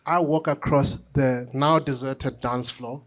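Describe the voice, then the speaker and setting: Middle-aged guy telling a funny story at a book talk, lively, laughs at himself. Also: medium pitch, a little slow. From South Africa. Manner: animated anecdotal storytelling with self-deprecating laughs. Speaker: author and conductor.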